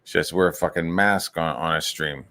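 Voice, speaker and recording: A man ranting angrily on a stream, swearing constantly and mocking others in squeaky put-on voices. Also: a little fast, pushed and bright. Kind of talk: profane ranting monologue.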